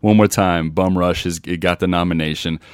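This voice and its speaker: Man, podcast host, easygoing chat, lower voice, dry recording. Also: fairly even intonation, normal speed, clear, resonant tone, no room sound. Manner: laid-back, friendly, calls people man and dude. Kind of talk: casual interview chat.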